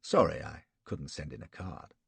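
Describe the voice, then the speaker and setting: A man voicing a brash young British officer, a cad who talks in a blustering, gruff way. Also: a bass voice, lively intonation, normal speed, a bit bright, dry recording, exaggerated voice. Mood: breezy.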